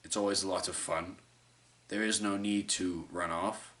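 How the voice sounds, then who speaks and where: A man voicing a confused young male learner on a quest in an amateur audio story, reciting in a slow, measured way. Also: low voice, steady tone, fairly bright tone. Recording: echoey room, mic far off, faint hiss.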